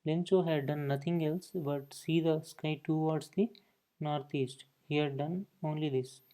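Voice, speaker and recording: A man's voice: fairly high pitch, steady tone, unhurried, mellow. A man teaching a grammar lesson, explaining points and often saying "okay" between them. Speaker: English teacher.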